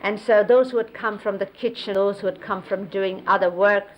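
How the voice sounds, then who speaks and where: A woman recalling memories in an unhurried storytelling way, explaining and demonstrating hand gestures as she goes. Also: mid-range voice, fairly even intonation, poor audio. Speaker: close companion recounting memories of a spiritual teacher. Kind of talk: reminiscing storytelling. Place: 1970s videotaped sit-down interview.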